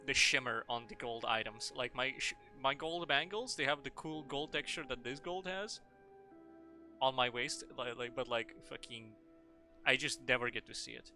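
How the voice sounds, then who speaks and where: A man chats loosely while streaming a game, rambling from thought to thought and swearing freely. His voice is bright and forceful at a middle pitch. Faint music plays underneath. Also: moderate pace. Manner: playful, swears a lot, rambling. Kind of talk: casual live-stream chat.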